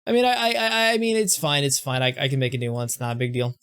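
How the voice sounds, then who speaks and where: With a smooth, mid-range voice that leans a bit bright, a young streamer talks casually over his gameplay. He pokes fun at himself and often stumbles, restarting his sentences fast.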